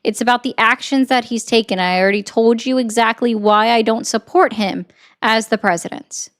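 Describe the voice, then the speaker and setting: An American woman argues politics in a blunt, sarcastic, lecturing way. Her voice sits a little high for a woman. She talks like a commentator who is sure of her point. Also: moderate pace. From United States. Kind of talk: heated debate.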